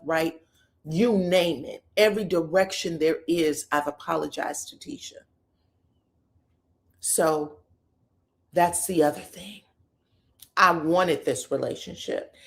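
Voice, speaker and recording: A woman recapping reality TV drama in a casual, profane, chatty way. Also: lowish voice. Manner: animated, profane, acts out quotes. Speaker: reality TV commentator.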